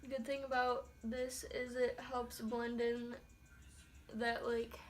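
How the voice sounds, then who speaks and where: Taking it slowly in a highish voice with little pitch movement, a young adult beauty vlogger talks herself through a makeup tutorial in a light, put-on country accent. It's chatty self-talk with mild exclamations, recorded on a phone camera with a little hiss or hum.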